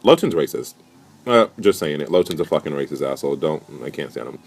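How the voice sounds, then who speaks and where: A young man recapping a reality show in a casual, profane, animated rant. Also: extremely low pitch, fast, creaky. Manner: profane, animated, indignant storytelling.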